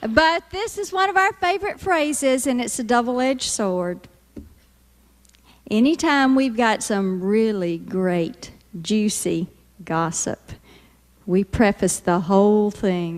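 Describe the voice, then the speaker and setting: A woman's voice: a little high, slow pace, in a large hall. A middle-aged woman from Mississippi with a Southern accent, doing a folksy, teasing stand-up routine. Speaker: comedic speaker.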